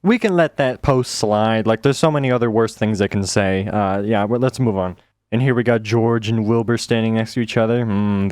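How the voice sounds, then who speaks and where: A man's voice: on the low side, normal speed, a little mellow, clear, resonant tone, no echo, clean studio sound. A man giving a ranting, sarcastic reaction commentary with mild swears. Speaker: commentary YouTuber.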